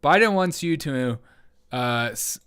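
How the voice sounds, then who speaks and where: A man's voice: fairly high pitch, lively intonation, slow pace, a bit bright, clean tone. A man in his forties hosting a comedy commentary show, reacting to chat with jokey, sarcastic asides. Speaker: host.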